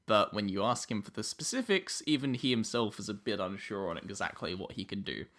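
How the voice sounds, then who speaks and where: A man's voice: fairly low pitch, animated, a little fast, a bit bright. An Australian man hosting a podcast, explaining at length in a casual way with plenty of "um"s. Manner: explains at length with many ums. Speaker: podcast host.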